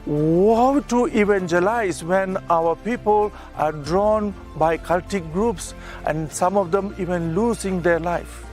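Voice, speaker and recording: A man's voice: sits high, slow, hardly any pauses, a little mellow, faint music behind. A man speaking earnestly about an upcoming church symposium, with a preaching cadence. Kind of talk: promotional talk.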